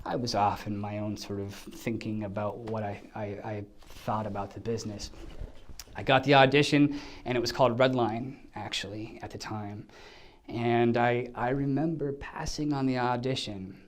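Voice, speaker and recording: A man's voice: mid-range voice, fairly even intonation, moderate pace, a little hiss or hum. A man, an actor, reflectively telling an audition story in a casual, self-deprecating way.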